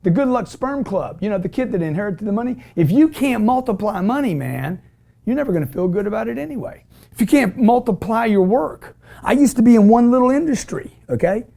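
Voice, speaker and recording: Brash high-voiced man preaching. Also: lively intonation, a little fast, vocal fry, mellow. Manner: brash, emphatic, repetitive preaching. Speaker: show host. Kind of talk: motivational call-in show talk.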